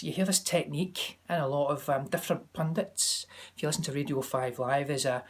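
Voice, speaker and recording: A man's voice: fairly high pitch, fairly quick. Chatty man giving an accent tutorial. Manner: chatty, animated, digressive. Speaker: vlogger teaching accents. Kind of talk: casual to-camera tutorial. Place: home, during lockdown.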